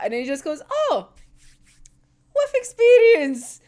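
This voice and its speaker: High, lively, giggly young-sounding woman. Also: a little slow. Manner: giggly, sweary, animated storytelling. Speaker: manga reaction vlogger. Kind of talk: casual chatty recap.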